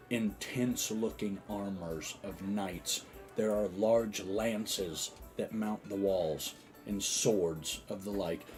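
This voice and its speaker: A man's voice: lowish voice, darkish tone. A man narrating a tabletop game as game master, casual and descriptive.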